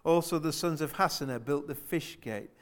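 A man's voice: fairly high pitch, moderate pace. A man preaching a sermon to his church in an earnest way, often repeating phrases and asking the congregation rhetorical questions.

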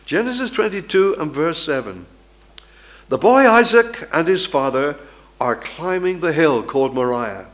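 Male preacher, sermon; emphatic, dramatic storyteller with a slightly high voice. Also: animated, unhurried, fairly bright tone.

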